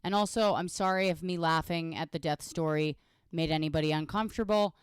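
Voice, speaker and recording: A woman's voice: deep voice, a little fast, smooth, dry recording, studio quality. A woman hosting a podcast in casual chat, candid and bantering, laughing easily. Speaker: podcast host.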